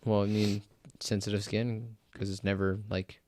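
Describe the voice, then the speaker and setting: A man's voice: fairly low pitch, flat delivery, moderate pace, darkish tone, dry recording. A young man co-hosting a podcast, laid-back and matter-of-fact, often answering in short replies. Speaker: podcast co-host. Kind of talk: casual chat.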